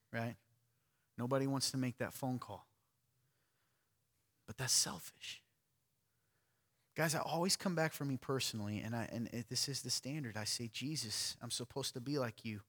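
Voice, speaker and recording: A man's voice: fairly high pitch, fairly bright tone. A man preaching a sermon to a church crowd, talking in a direct, pointed, conversational way. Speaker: pastor.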